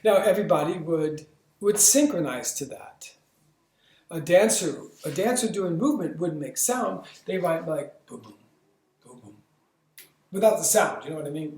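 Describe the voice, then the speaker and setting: A man teaching a lesson, his voice pitched a little high and bouncing around an echoey room. He explains things by acting out sounds and gestures, stumbling into restarts, then pushing ahead with animated emphasis. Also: normal speed. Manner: demonstrative, acts out sounds and movements. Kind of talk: instructional lesson.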